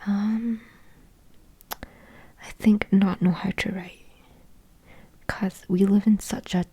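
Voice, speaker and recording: Breathy whispering woman, ASMR ramble. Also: medium pitch, no echo. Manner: soft, musing, thinks aloud with many fillers. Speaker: ASMR creator.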